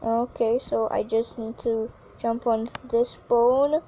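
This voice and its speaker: A woman giving casual, excitable commentary on her own gameplay, yelping whenever she falls. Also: a little high, takes it slowly, lo-fi sound, slight background noise. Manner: chatty and excitable, yelps when falling. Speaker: gaming YouTuber.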